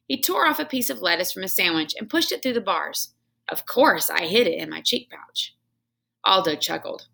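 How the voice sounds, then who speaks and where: A woman's voice: lowish voice, moderate pace, creaky. Woman reading a kids' book at home. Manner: expressive storytelling with home asides to her son. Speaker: reader. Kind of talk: reading a children's book aloud.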